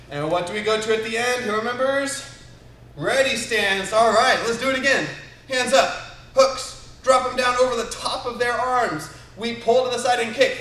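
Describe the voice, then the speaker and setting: A man's voice: high-pitched, bright, forceful tone, slight background noise. A man teaching a live online karate class for kids, upbeat and encouraging as he calls out counts and commands, filmed in a martial arts studio by a camera a few steps away. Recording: roomy studio echo.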